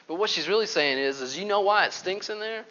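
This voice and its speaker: Preacher man, bright forceful voice, animated storytelling, dull lo-fi recording. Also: high-pitched, fast. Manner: animated storytelling, swings from loud to hushed. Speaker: pastor. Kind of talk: sermon.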